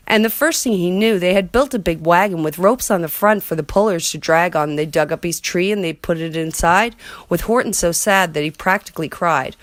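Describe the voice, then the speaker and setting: A woman's voice: lowish voice, normal speed, no echo. A woman reading a rhyming children's picture book aloud as a storyteller, in a rhythmic way.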